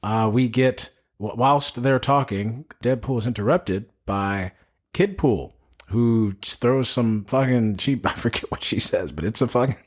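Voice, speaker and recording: A man co-hosting a movie review podcast, retelling scenes in a rambling, animated way and slipping into quick put-on quotes. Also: medium pitch. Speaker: podcast co-host. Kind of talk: casual movie review chat.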